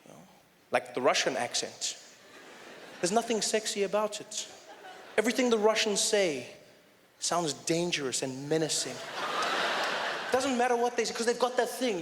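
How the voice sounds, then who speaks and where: A man performing a stand-up comedy routine, animated and conversational with lots of "you know". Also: high-pitched, moderate pace, pauses often, very noisy. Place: comedy stage in a hall. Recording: hall reverb, faint room ambience.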